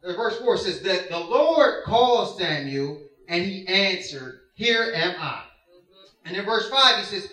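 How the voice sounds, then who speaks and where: High bright-voiced preacher in a roomy hall. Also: male voice, sing-song, a little slow. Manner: emphatic, conversational preaching with call-and-response. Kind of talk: sermon. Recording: roomy hall sound, distant mic.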